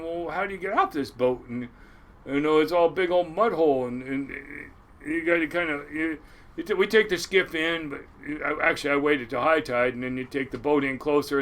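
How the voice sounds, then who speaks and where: A man in his sixties, a crab boat captain, telling his life story in an interview, animated and salty, acting out the people he quotes. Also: on the high side.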